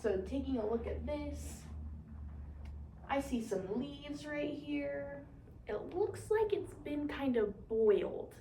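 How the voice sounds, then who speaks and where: A woman's voice: high voice, lively intonation, takes it slowly, mellow, slight background noise. Young woman as a cheerful teacher, leading call-and-response, recorded in an echoey room. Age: young adult. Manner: upbeat, encouraging, call-and-response. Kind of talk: demonstration lesson to imagined class. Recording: echoey room, mic at a distance.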